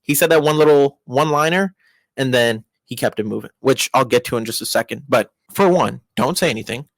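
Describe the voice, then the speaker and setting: A young man giving casual advice in a rambling monologue, full of restarts and fillers, with his voice jumping up in pitch for emphasis. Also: fairly quick, no echo.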